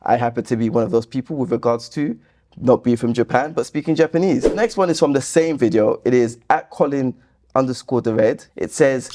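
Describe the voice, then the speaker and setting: Recorded on a laptop camera mic with a little hiss or hum, a man with a warm, mid-range voice talks fairly quickly on his channel. He chats through viewers' comments, reasoning them out and getting indignant when he pushes back.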